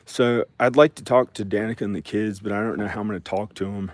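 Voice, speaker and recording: A man in his forties with a somewhat low voice. He talks in a loose, rambling way, circling back over the same phrases and restarting his sentences as he goes. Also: steady tone, fast talker, dry recording. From American South. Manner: meandering, repeats phrases and restarts often. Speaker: vlogger. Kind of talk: rambling casual vlog monologue.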